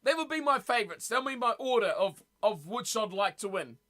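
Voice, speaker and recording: Chatty high, bright-voiced male streamer. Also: big pitch swings, a little fast. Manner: chatty, reacts to chat, repeats words. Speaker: streamer reading live chat. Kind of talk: casual live-stream chat.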